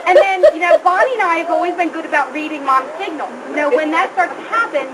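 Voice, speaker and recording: A woman's voice: very high-pitched, quick pace. A middle-aged woman giving a comic roast speech, joking and laughing often, at a live party. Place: party hall with audience. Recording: live room, loud crowd and noise. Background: loud laughing crowd.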